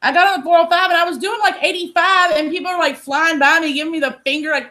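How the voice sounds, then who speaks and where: A woman's voice: very high-pitched, fairly even intonation, fast talker, hardly any pauses, pushed and bright. Profane, laughing woman. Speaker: host. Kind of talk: casual chat.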